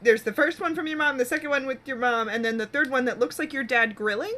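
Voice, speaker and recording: A woman's voice: sits high, fast talker, bright, forceful tone. A woman hosting a casual chat, reassuring her guest with short replies and laughing along. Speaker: podcast host.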